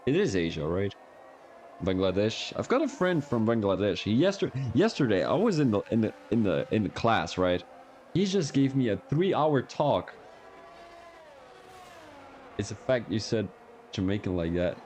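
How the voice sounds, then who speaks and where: Young male streamer, casual race commentator bantering with chat, lower voice, faint background noise. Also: very animated, measured pace, long pauses, a little mellow. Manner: casual, joking, chats with viewers while commentating. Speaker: sim racing stream commentator.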